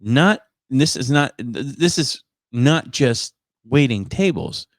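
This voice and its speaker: Animated male comedian telling a story. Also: medium pitch, slow, no room sound, clean studio sound. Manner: animated, quotes others in put-on voices. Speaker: podcast host and comedian. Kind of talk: casual storytelling chat.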